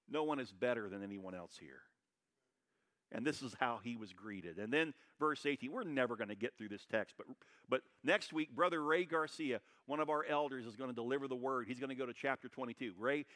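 Loud, bright-voiced preacher man. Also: mid-range voice. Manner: loud and brash, swings from shouting to quiet asides. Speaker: pastor. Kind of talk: sermon.

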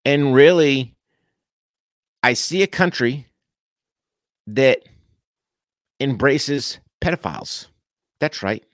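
A man delivering an impassioned, preachy monologue straight to his viewers, punching key words with sudden pitch jumps and dropping into casual slang. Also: lively intonation, takes it slowly, pauses often, no room sound, studio quality. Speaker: political commentator addressing viewers. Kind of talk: impassioned direct-to-camera monologue.

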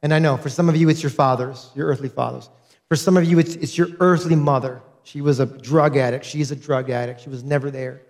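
A man's voice: medium pitch, steady tone, fairly quick, a little mellow. A man preaching a sermon as a pastor, earnest and direct, repeating key points to his congregation.

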